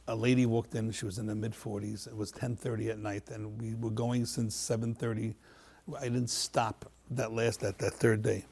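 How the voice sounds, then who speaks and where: Gravelly, husky man telling a story. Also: medium pitch. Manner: animated, repeats phrases, voices the people in his story. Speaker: panel guest. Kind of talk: emotional personal storytelling.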